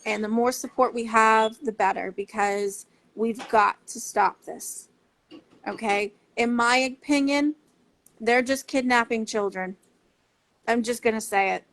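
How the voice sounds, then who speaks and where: Woman, parent advocate, heartfelt and impassioned, slow unhurried pace, slightly high voice. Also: a bit bright. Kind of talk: casual talk to camera.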